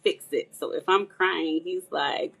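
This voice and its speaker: A woman's voice: fairly low pitch, measured pace, gravelly, fairly bright tone, husky. A woman in a casual group chat, speaking openly with laughter and acting out the conversations she describes.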